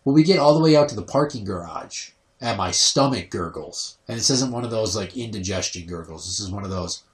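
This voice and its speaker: A man's voice: fairly low pitch, fairly quick. Man telling a comic story in a roomy room. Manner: animated, acts out quoted voices. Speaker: podcast host. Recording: roomy, slightly distant from mic.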